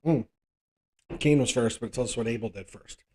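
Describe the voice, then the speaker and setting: A man's voice: medium pitch, a little fast, dark tone. Conversational man teaching Bible study. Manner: conversational, thinks aloud, frequent rhetorical "right?".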